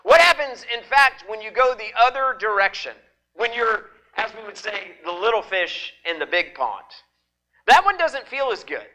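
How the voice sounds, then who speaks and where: A pastor, a man whose voice sits high and rings with a very bright, forceful edge. He preaches through a microphone in a church, playful and folksy, teasing his congregation as he asks for a show of hands. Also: big pitch swings, moderate pace, poor audio. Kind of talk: sermon. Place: church sanctuary.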